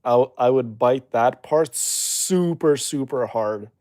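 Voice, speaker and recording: A young man streaming and reading chat, teasing his viewers playfully and then turning soft and reassuring. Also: medium pitch, takes it slowly, no echo, studio quality.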